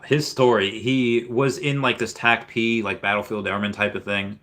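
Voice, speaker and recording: A man hosting a casual livestream, reading out messages from chat. His voice sits fairly low but has a bright, forceful edge. He rambles a lot, with plenty of fillers and false starts. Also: fairly even intonation, moderate pace. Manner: rambling, full of fillers and restarts; reads viewer messages aloud and replies. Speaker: streamer answering live chat.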